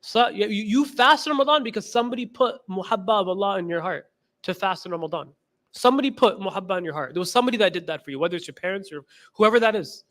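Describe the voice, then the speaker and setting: A man with a high-pitched voice teaches a class as a religious instructor. He drives his points home by repeating key phrases. He acts out the stories he tells with quoted back-and-forth. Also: fast talker, fairly bright tone. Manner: retells stories with quoted dialogue. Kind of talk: class lecture.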